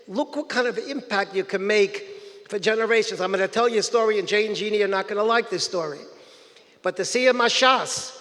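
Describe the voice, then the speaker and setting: A man giving a keynote speech, telling animated anecdotes and acting out quotes. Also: high-pitched. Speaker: keynote speaker. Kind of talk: storytelling speech. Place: event hall. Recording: long hall reverb.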